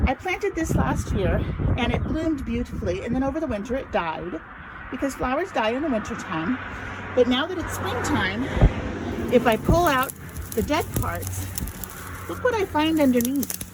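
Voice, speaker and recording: A woman preschool teacher giving a gentle, sing-song circle time lesson to young children, talking outdoors in a front yard. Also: fairly high pitch, noisy background.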